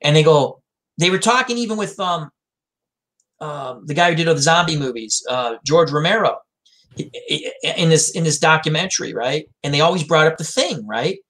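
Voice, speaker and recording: Man, casual chat, animated storyteller, acts out film quotes. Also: a little high, normal speed. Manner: animated, retells film scenes with quoted lines. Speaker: co-host.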